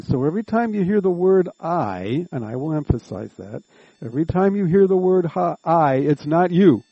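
A man preaching a sermon, slow and deliberate, drawing out words and making earnest appeals to his listeners. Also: on the high side, no room sound, dull audio.

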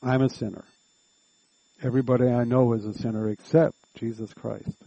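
A man preaching a sermon, slow and deliberate, drawing out words and making earnest appeals to his listeners. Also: mid-range voice, fairly even intonation, vocal fry, dark tone, no echo, low-quality recording.

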